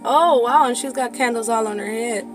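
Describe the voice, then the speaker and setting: High-voiced woman reading tarot over music. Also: normal speed. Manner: impassioned, rising into preaching; profane, casual. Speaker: tarot reader.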